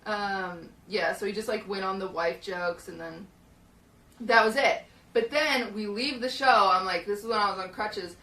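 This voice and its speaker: Brief: young woman streamer, bright tone, rambling casual storyteller, echoey small room, mic set back. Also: mid-range voice, normal speed, far from the mic. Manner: rambling, lots of "like" and restarts, acts out quotes. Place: small hot shed studio.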